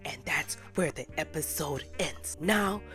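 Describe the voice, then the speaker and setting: Young woman, casual recap host, chatty, slangy, lowish voice, faint music under her. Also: unhurried. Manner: chatty, slangy, animated storyteller. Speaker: commentary channel host. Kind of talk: casual cartoon recap commentary.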